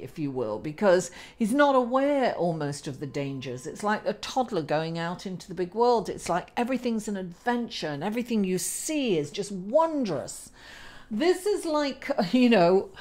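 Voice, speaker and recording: A woman's voice: medium pitch, very animated, moderate pace, darkish tone. A woman reading tarot cards in a chatty way, laughing at herself now and then. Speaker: astrologer and tarot reader. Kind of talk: casual tarot reading to camera.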